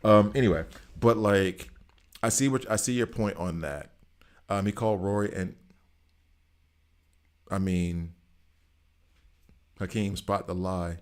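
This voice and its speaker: A man's voice: on the low side, slow, long pauses. A middle-aged man streaming a game, rambling through opinions and laughing often in casual chat. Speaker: gaming streamer.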